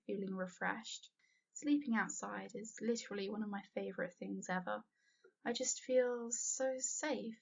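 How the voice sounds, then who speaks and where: Woman reading a first-person fanfic, breathy and husky, dull lo-fi home mic. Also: medium pitch. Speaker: fanfiction reader.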